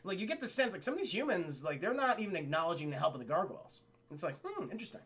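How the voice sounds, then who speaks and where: A man giving a casual, profane cartoon review while talking with his live chat, in an animated way full of fillers. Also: sits high, racing, breathy edge. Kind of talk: casual live-stream commentary.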